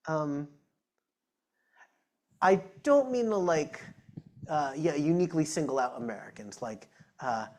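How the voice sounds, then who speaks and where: A man's voice: on the high side, expressive, a little slow, pauses often, a little mellow. A man, a psychologist and author, answering audience questions at a live talk in a chatty, self-deprecating way. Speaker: author and psychologist being interviewed. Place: event room with live audience. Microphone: shared microphone.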